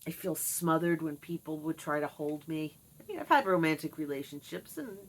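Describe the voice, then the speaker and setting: A woman's voice: deep voice, normal speed. A middle-aged woman talking candidly to camera about her childhood and her pets, reflective and confiding. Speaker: vlogger. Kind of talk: candid personal monologue.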